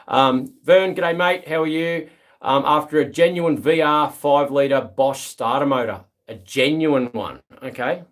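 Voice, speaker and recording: A man with an Australian accent hosting a live stream, casually reading out viewer messages with lots of fillers and friendly greetings. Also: medium pitch. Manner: relaxed and chatty, many fillers, greets viewers as mate. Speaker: livestream host.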